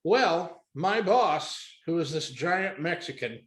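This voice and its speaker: A man telling a story as a guest comedian, animated and acting out voices. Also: fairly high pitch, slow. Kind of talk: casual storytelling. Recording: roomy echo.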